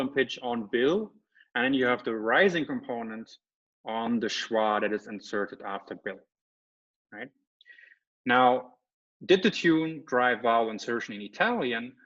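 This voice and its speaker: A man's voice: medium pitch, fairly bright tone. Man giving a muffled online lecture. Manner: explanatory, checks in with "right?" and "okay?". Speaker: guest lecturer. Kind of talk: academic lecture. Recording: slightly muffled lecture audio.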